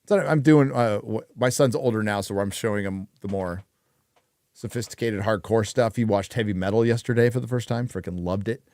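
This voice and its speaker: A man's voice: fairly low pitch, fairly quick, darkish tone, no room sound. A man hosting a casual livestream, ranting bluntly and profanely with frequent fillers while reading viewer donations.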